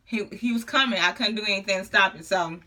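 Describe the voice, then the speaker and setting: A young woman vlogger, telling a personal story in casual, slangy, animated talk with frequent laughter. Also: medium pitch, quick pace.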